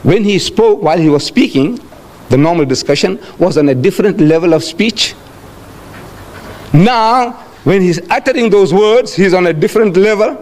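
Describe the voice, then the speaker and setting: An older man with a South African accent delivers a public religious lecture as an Islamic lecturer, his voice high-pitched, animated, and a little mellow at a normal speed. He is emphatic, repeats phrases, and acts out quoted speech.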